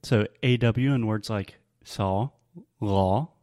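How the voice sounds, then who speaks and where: A man's voice: on the low side, warm tone. A man with a Southern US accent, patiently teaching English pronunciation through examples in a casual chat. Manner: patient, explains slowly with examples.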